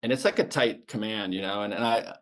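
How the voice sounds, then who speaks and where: A man in his fifties with a somewhat low voice tells stories from his Navy days in a loose, conversational way. He talks bluntly, swears freely and often stops and restarts his sentences. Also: brisk. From United States. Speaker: podcast guest, former Navy sniper. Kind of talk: casual storytelling interview.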